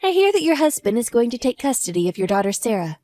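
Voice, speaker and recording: A woman voicing a wronged wife in an audio drama, smug and sarcastic as she calmly mocks. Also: fairly high pitch, quick pace. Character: cool, mocking wronged wife, adult woman.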